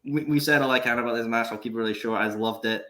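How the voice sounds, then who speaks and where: A man's voice: mid-range voice, fairly even intonation, quick pace, bright, forceful tone. A man on a casual podcast who jokes, swears freely and hams up mock drama. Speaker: podcast co-host. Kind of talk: casual chat.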